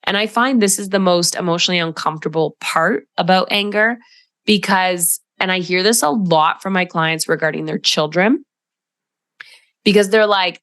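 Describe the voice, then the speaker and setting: A woman's voice: lowish voice, moderate pace, a bit bright, no echo. A middle-aged woman hosting a solo podcast as a coach, talking directly and emphatically and acting out quoted voices.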